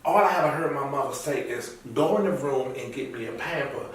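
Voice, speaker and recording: A man's voice: medium pitch, a little fast. A middle-aged man as an interview guest, chatting casually and telling stories animatedly. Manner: animated storyteller, acts out quoted lines. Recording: echoey room, far from mic.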